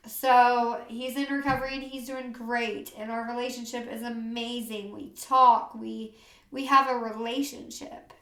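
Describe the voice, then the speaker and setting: A woman's voice: on the high side, flat delivery, measured pace, fairly bright tone. Tearful woman, earnest and echoey. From USA. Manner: earnest, repeats phrases, says "you know" often. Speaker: interview guest. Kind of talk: emotional personal testimony.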